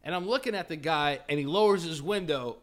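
A man hosting a podcast, casually telling a profane, animated story and laughing at his own telling. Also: fairly high pitch, a little fast. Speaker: podcast host.

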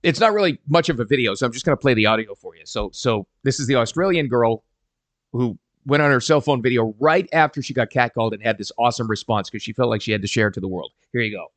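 A middle-aged man giving casual advice to camera, animated and emphatic. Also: medium pitch, quick pace, dry recording. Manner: animated and emphatic, quoting people in voices. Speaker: parenting advice vlogger.

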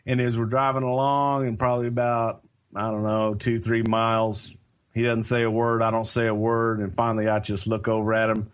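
A man telling a story in casual chat, animated and self-mocking, acting out other people's lines. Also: on the low side, normal speed, clear, resonant tone. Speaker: storyteller guest.

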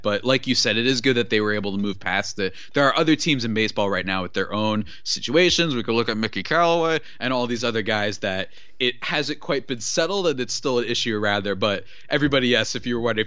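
A young man hosts a casual podcast chat, talking energetically and rambling with lots of fillers. His lowish voice has a sharp, clean tone, recorded dry with lo-fi sound.

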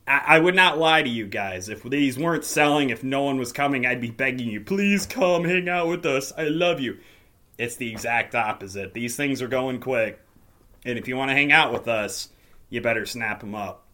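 A man with a hoarse, raspy voice wraps up his podcast on his own, chatty and wry. His tone is bright and forceful even as his voice is giving out. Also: mid-range voice, moderate pace. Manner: wry, self-deprecating humor. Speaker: podcast host. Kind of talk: casual solo podcast wrap-up.

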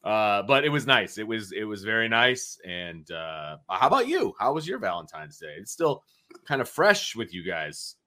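A man in his thirties hosting a sports talk show with lots of energy. His voice is bright and crisp, and he chats and tells stories in an animated way. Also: lowish voice, moderate pace. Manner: energetic, chatty, animated storyteller. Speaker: podcast host.

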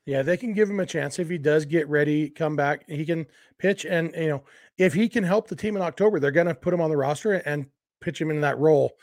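A man's voice: fairly high pitch, fairly quick, darkish tone, no echo, studio quality. A man in his forties hosting a sports podcast, talking in a chatty, conversational way with plenty of "uh" fillers. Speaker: podcast host. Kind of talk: casual podcast talk and read ads.

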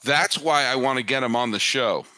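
A man guesting on a sports podcast, talking in an animated way and often repeating words as he builds his points. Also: medium pitch, moderate pace, dry recording, clean studio sound. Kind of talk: casual sports podcast chat.

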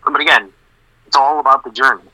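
A man co-hosting a wrestling podcast in a halting way, full of fillers and blunt, dismissive opinions, heard over a thin phone line. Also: mid-range voice, bright, forceful tone. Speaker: podcast co-host. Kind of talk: casual wrestling opinion chat.

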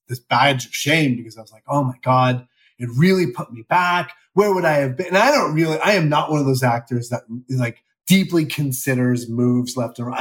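Candid rambling man in his fifties. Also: mid-range voice. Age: 50s. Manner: candid, rambling, self-deprecating. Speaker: actor guest. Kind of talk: casual interview chat.

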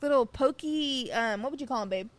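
A woman's voice: high-pitched, expressive, fairly quick. A woman co-hosting a podcast, chatting casually and teasing her husband with playful impressions. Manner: playful, teasing, laughs often. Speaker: podcast co-host. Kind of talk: casual chat.

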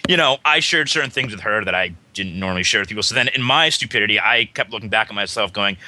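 A man on a casual podcast telling a long story, rambling, heavy on swearing, quoting both sides of each exchange. His voice is very bright and forward, with a dry, close sound. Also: on the low side, fast, no room sound. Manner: rambling, profane storytelling, acting out both sides of texts and calls. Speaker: podcast co-host. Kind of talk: casual chat.

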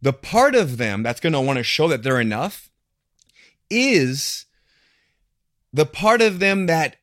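A man in casual podcast conversation, talking in an animated way and acting out the voices he quotes. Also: on the high side, takes it slowly, no echo, studio quality.

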